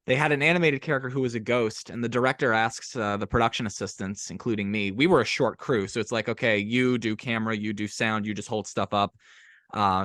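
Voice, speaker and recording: A man's voice: on the low side, fairly bright tone, no echo. Chatty male podcast host, dry sound. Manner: chatty, storytelling with jokes. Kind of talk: casual interview chat.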